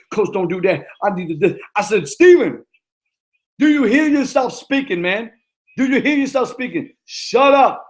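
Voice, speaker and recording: High-voiced, emphatic man coaching. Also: darkish tone. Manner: emphatic and repetitive, slangy. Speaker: football coach. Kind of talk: motivational talk.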